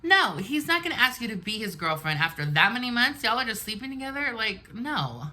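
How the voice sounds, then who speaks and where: A woman's voice: fairly high pitch, very animated, a little fast, bright, forceful tone. A woman in her forties telling a storytime while doing her makeup, venting bluntly and animatedly. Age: 40s. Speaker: vlogger. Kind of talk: get-ready-with-me storytime.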